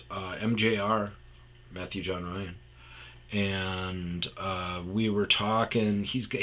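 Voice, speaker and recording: This podcast storyteller's low voice is bright and forceful with a breathy edge, captured on a low-quality recording. He spins casual, foul-mouthed comic tales about his earlier life, wandering off track and breaking into impressions.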